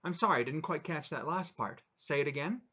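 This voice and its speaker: A man's voice: fairly high pitch, animated, brisk, sharp tone, slightly rough, pitched above the performer's own voice, exaggerated voice. A man voicing an angry husband who belittles his wife with sarcastic, berating talk.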